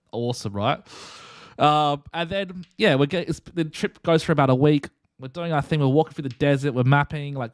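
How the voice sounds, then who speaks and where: On his live stream, a young man tells a story in a lively, chatty manner, putting on the voices of its characters. His pitch is middling, and the recording is dry and close with no sense of a room.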